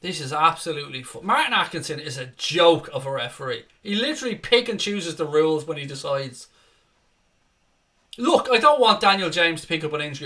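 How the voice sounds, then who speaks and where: Young man, live fan match commentary, sweary play-by-play, angry rants, very sharp tone, slightly high voice. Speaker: fan watchalong host.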